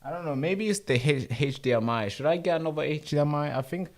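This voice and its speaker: A man's voice: on the high side, quick pace. A man hosting a live stream from home, talking casually and with frustration to his viewers while he fixes his equipment.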